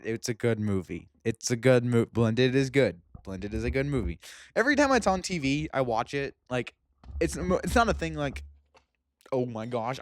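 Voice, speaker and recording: A young man in casual chat about movies, rambling and laughing, often breaking off mid-sentence. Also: medium pitch. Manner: rambling, laughing, self-interrupting. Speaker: movie review youtuber.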